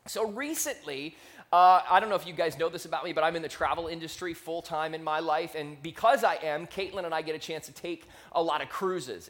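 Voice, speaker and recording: Male pastor, 30s, high voice, conversational sermon with animated outbursts, handheld mic. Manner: conversational, animated storytelling with quick rises in volume. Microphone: handheld microphone.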